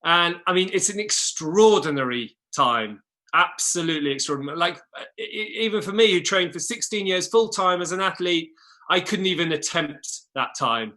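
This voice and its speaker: Bright-voiced man, hesitant and repeating. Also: high voice, expressive, normal speed. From England. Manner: hesitant, repeats words at the start of phrases. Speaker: guest, former Olympic rower. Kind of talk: casual conversation.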